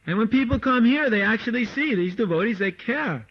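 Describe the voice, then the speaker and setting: A man giving a lively, informal lecture to devotees, mimicking people and laughing as he talks, recorded on an old tape. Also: extremely high pitch, brisk. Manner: animated, mimics voices, laughs often. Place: meditation hall or farmhouse room. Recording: dull lo-fi 1979 tape recording.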